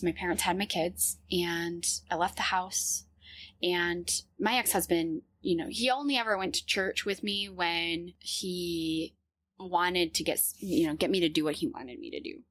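A woman in her thirties recounts her own story in an earnest, halting way, often restarting sentences. Her voice sits fairly low. The sound is dry and close, with no room around it. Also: a bit bright, dry recording. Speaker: podcast guest telling her story. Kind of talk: personal storytelling.

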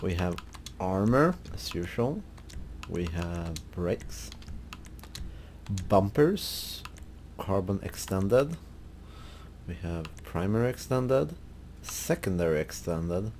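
A man hosting a gaming video, relaxed and thinking aloud as he browses car parts in casual commentary. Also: low-pitched, slow pace, pauses often, a little hiss or hum. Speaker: gaming channel host.

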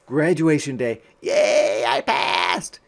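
A man's voice: mid-range voice, wildly swooping pitch, slow pace, gravelly, darkish tone, exaggerated voice. A man voicing cheerful young groundhog graduates in a storybook read-aloud, gleeful and cheering. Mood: excited.

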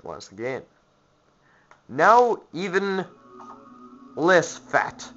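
Very slow, bright-voiced goofy gamer man. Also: high voice, big pitch swings, soft background music. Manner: goofy, humming and shouting at enemies. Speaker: let's play host. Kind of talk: casual gameplay commentary. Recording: slightly muffled lo-fi recording.

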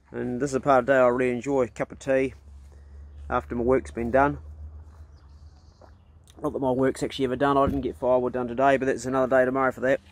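A middle-aged man with a New Zealand accent, telling jokes and chatting casually in an outdoor vlog as he works on a house truck. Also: medium pitch. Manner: folksy storyteller, drops into put-on voices for joke characters. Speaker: vlogger.

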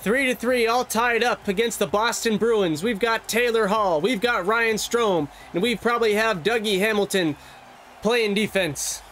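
A young man giving excited, fast play-by-play commentary over his own hockey video game as a gaming YouTuber. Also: high-pitched, slight background noise. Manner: animated, fast play-by-play with yelps and laughs. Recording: background music under voice.

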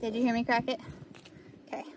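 A woman's voice: a little high, little pitch movement, fairly quick. A woman chatting casually for a farm vlog and coaxing her animals outdoors. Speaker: farm vlogger. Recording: faint background noise outdoors. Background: farm animals and outdoor ambience.

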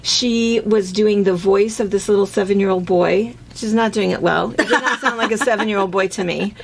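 A woman's voice: medium pitch, moderate pace, gravelly, slight background noise. A woman hosting a casual chat, talking in a rambling way with restarts. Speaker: host. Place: fabric shop.

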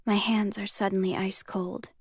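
A woman reading an audiobook in the first person, with even, measured storytelling. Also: medium pitch, slightly rough, dry recording, studio quality. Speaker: audiobook narrator.

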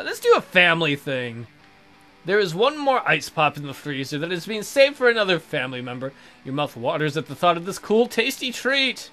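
A young man hosting a let's play, reading game text aloud and adding sarcastic, profane commentary with sudden loud outbursts. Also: a little high.

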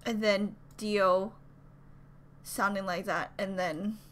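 A woman's voice: mid-range voice, fairly even intonation, takes it slowly, a bit bright. A young woman filming a reaction video, gushing and flustered, talking herself through it and swearing casually. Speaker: YouTube reactor. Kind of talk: excited reaction vlog.

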